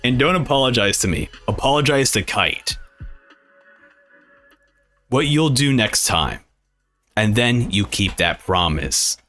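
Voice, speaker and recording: A man doing a low gruff father figure. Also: animated, slow pace, pauses often, sharp tone, soft background music. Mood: stern. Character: gruff adult male father, blunt and evasive.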